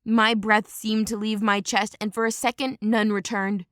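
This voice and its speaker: Woman narrating with a smooth, clear voice. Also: mid-range voice, normal speed, no room sound, studio quality. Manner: steady dramatic storytelling. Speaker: audiobook narrator. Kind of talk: first-person audiobook narration.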